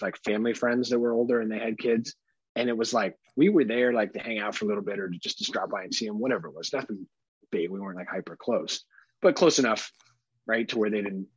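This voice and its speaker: Husky-voiced dad swearing casually. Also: male voice, on the low side, dry recording, muffled recording. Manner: candid, swears freely, animated impressions. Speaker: podcast co-host. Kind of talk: casual chat.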